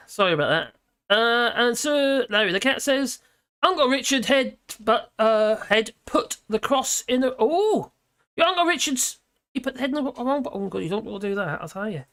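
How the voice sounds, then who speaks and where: Her voice is mid-range and a bit bright. She's a middle-aged British woman hosting a relaxed political livestream from home, dogs in the room, chatting loosely, laughing a lot and reading viewers' comments aloud.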